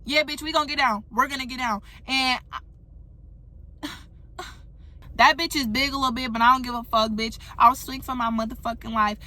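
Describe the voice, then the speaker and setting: A young woman telling a storytime vlog, animated and profane, talking straight to her viewers. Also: high voice, moderate pace, pauses often. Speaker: vlogger. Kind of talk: storytime monologue.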